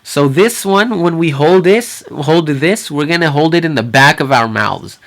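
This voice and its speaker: A man with a fairly high voice teaches recitation rules in a patient, explanatory way. He stops to say each example word slowly, more than once. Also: expressive, a bit bright. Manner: patient, repeats Arabic words slowly for practice. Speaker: tajweed teacher.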